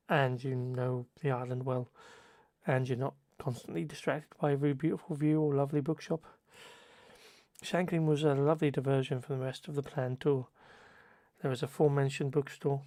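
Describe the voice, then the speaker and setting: A man's voice: a little high, a little mellow, dry recording. A man, ill with covid, narrating a travelogue in a dry, sardonic, wordy manner. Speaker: travel vlogger.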